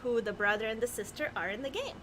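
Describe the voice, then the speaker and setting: A woman co-hosting a game stream in casual, excitable chat, often flustered. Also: a little high, quick pace, slight background noise. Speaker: streamer co-host.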